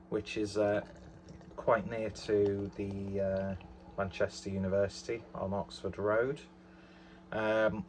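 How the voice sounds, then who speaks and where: A man's voice: on the low side, slight background noise. A man chatting casually through a beer review at home, rambling with lots of fillers and self-deprecating asides. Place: bedroom at home. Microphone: camera on tripod.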